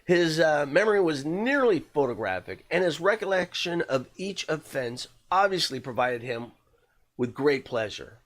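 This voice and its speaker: A man's voice: a little high, very animated, normal speed, fairly bright tone. Casual, swearing true-crime storyteller man. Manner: conversational, loose, with frequent fillers and swearing.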